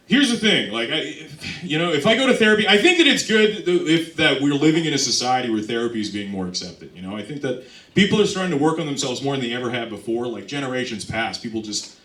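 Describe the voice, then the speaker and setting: Stand-up comic, young man, lively and bright, self-deprecating and rambling; heard from a distance in an echoey club. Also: mid-range voice. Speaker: stand-up comedian. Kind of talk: stand-up comedy set. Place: comedy club stage. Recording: roomy club sound from a distance. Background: audience laughter.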